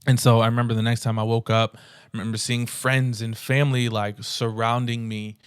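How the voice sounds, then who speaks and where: A man hosting a podcast, telling his own story in a halting way with many restarts and fillers. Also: mid-range voice, level tone, smooth, no echo. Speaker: podcast host. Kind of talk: personal storytelling.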